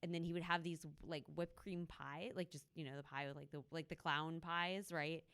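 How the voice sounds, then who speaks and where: A woman's voice: low-pitched, fairly even intonation, moderate pace, fairly bright tone, smooth. A woman co-hosting a podcast, chatting casually and laughing often as she rambles through anecdotes. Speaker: podcast co-host. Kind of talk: casual chat. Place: live show in a loft venue.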